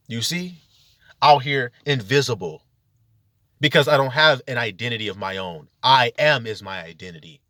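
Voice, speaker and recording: A man delivering a heated, profane spiritual rant, preachy and confrontational, with sudden loud outbursts. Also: medium pitch, no echo, studio quality. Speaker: religious video commentator.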